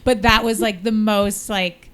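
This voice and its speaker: A woman's voice: mid-range voice, fairly even intonation, unhurried, a bit bright, smooth. A woman co-hosting a podcast, telling a story in casual chat and laughing often as she goes. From New York. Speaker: podcast co-host.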